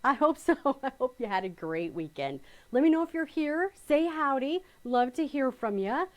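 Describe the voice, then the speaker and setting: A middle-aged woman talks casually to her live viewers in a fairly high voice. She rambles, corrects herself mid-sentence and breaks into small laughs. When she greets people by name, her voice lifts with excitement. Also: normal speed, low-quality recording. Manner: chatty, rambling, self-correcting with little laughs. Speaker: quilting channel host. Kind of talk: casual live-stream chat.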